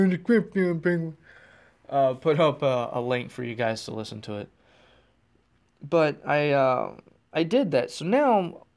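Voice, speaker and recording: A man hosting his own casual podcast, rambling and self-deprecating, talking with excitable energy, recorded while in his car. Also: medium pitch. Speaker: podcast host. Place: in a car on the road.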